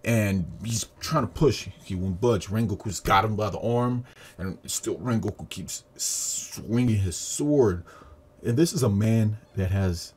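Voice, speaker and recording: A man giving a casual, profane, animated review of a movie he just saw. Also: sits low, breathy edge. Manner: profane, animated retelling with acted quotes. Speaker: video reviewer. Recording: audio static.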